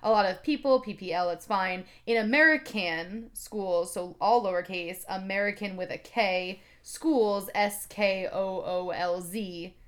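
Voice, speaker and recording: A woman's voice: medium pitch, a little slow, few pauses, fairly bright tone. Exasperated woman reading aloud, sardonic. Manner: sardonic, exasperated, swears freely. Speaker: podcast co-host reading a fanfic aloud. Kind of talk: casual comedic read-along.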